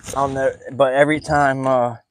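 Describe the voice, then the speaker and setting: A man's voice: little pitch movement, moderate pace, background noise. Chatty man fishing from a boat at night. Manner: chatty, joking, keeps his voice low. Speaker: fishing vlogger. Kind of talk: casual storytelling while fishing.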